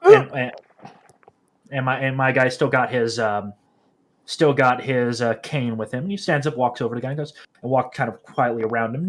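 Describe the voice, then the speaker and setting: A man's voice: medium pitch, normal speed. A man playing a tabletop game, describing his character's actions with hesitant restarts. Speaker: player.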